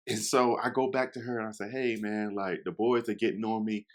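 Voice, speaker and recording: A young man with a fairly low voice tells a casual story to his listeners. He is chatty and animated, slipping into quoted lines and talking straight to the people listening. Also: brisk. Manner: chatty, addresses listeners directly.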